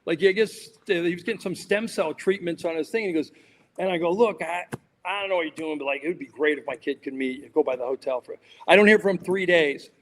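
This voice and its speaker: A man's voice: on the high side, quick pace, long reverb tail. A man, a sports journalist and podcast guest, telling rambling anecdotes in casual chat, full of fillers and restarts.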